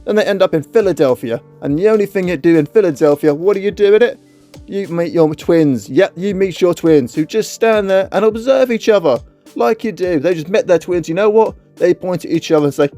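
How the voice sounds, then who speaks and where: A man's voice: a little high, fairly quick, mellow, soft background music. A man narrating a comedic film recap in a crude, mocking, playful way.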